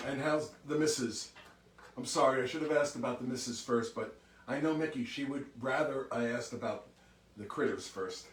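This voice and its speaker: A man's voice: mid-range voice, normal speed, distant mic. A man hosting a music livestream, chatting casually and greeting viewers one by one by name. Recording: roomy sound from off mic.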